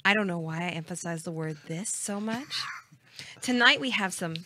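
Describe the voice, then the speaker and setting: A woman's voice: lowish voice, moderate pace, pushed and bright, slight background noise. A woman playing brassy, emphatic characters in comedy sketches, such as a game show host.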